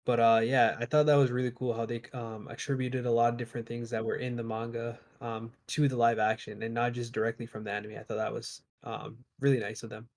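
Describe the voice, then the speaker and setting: A man with a mid-range voice speaks calmly on a podcast panel. He gives his take in a measured way and often pauses to gather his thoughts. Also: medium pitch, gravelly. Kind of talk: casual podcast review chat.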